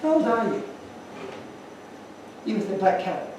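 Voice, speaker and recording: A man's voice: sits high, sing-song, a little slow, darkish tone, heavy reverb, far from the mic, a little hiss or hum, low-quality recording. A man giving an earnest, emotional talk to an audience, telling stories from his slides. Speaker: guest speaker.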